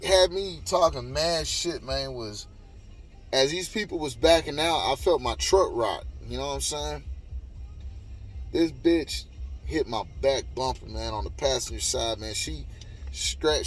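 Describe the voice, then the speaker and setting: Heated man telling a story. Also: medium pitch. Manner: profane, heated, repetitive retelling. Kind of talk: casual storytelling monologue.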